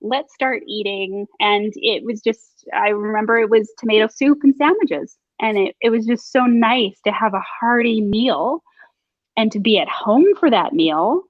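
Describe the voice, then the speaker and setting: A chatty, reflective woman hosts a casual talk, her voice a little high. The sound is dry and a bit dull, like a lo-fi mic close up. She laughs often as she thinks aloud. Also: moderate pace, no room sound. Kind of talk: casual conversation.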